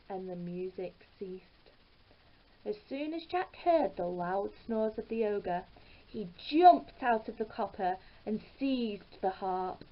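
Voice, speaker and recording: Woman storybook narrator, slow and careful, fairly high voice, lo-fi recording. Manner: slow, careful read-aloud delivery.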